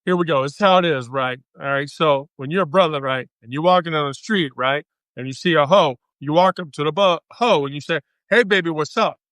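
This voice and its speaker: A brash, swaggering young man holding forth with profane street wisdom, as a woman puts him on. His voice sits a touch lower than the teller's own and lands every line like a lecture. The sound is close and dry. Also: fairly quick, fairly bright tone, no echo. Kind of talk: acted quote in a story.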